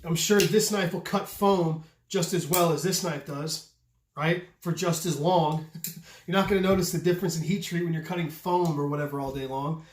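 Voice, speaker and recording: A man who runs a knife channel, talking loudly and passionately in a casual rant, swearing freely and asking rhetorical questions. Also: a little high, steady tone, normal speed, a little hiss or hum. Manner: loud, passionate, voice carries; profane, repetitive restarts, rhetorical questions. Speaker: custom knife maker and channel host. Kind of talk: casual opinion rant to camera. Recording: echoey room.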